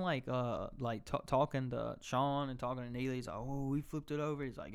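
A young man telling an animated, profane story on a casual podcast and acting out the voices of the people in it. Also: mid-range voice, moderate pace, clean tone.

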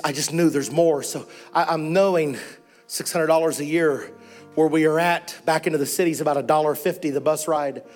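A missionary preacher, a man with a notably high voice, tells his story in a sermon with building passion. Soft music plays quietly behind him. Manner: impassioned storytelling, rising to fervent preaching.

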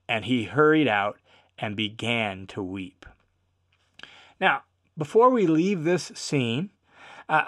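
Animated male Bible teacher, conversational, voices the quotes, highish pitch. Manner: animated storytelling, acting out quotes; conversational with "right?" asides. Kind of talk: verse-by-verse Bible lesson.

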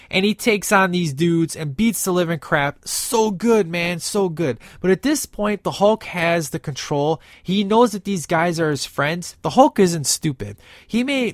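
A man's voice: on the high side, dry recording, studio quality. A man giving a casual, enthusiastic movie review, rambling with many fillers and restarts.

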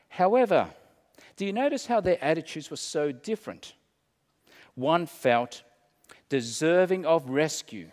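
A man preaching as a pastor, slow and dramatic, dropping to a hush and then rising. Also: medium pitch, long reverb tail. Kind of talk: sermon.

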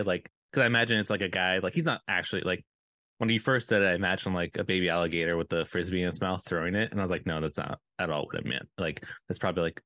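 A man co-hosting a casual podcast, playful and chatty, with rambling asides and loud laughter. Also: sits low, no room sound. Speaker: podcast co-host. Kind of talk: casual chat.

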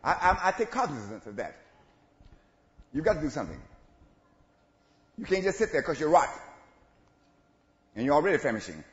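Preacher, male, lively pitch swings from hush to shout, dull lo-fi roomy recording. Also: a little fast, long pauses. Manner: animated, swings from hushed to loud, playful asides. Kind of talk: call-and-response sermon. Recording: roomy, dull low-fi church recording with faint ambience.

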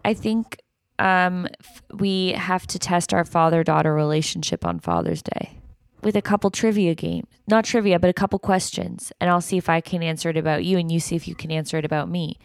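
Young woman, lowish voice, teasing casual chat, dry close recording. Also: animated, brisk, smooth, no echo. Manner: playful, teasing. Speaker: podcast co-host, daughter.

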